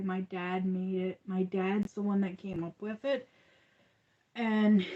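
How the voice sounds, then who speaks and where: A woman's voice: mid-range voice, dark tone, muffled recording. A woman hosting a crochet livestream, chatting casually and rambling with frequent laughs.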